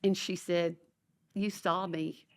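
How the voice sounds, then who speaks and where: An older woman with a drawl tells classroom stories with real animation. She slips into the voices of the people she quotes, and her voice sits low for a woman. It is a relaxed, conversational podcast interview. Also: slow pace. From Louisiana, USA. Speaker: educator and author, guest. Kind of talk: conversational storytelling.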